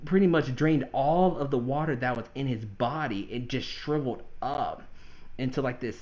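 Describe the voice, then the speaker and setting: A man hosting a gaming podcast in casual chat, animated and often laughing. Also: medium pitch, moderate pace, dull audio. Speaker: podcast host.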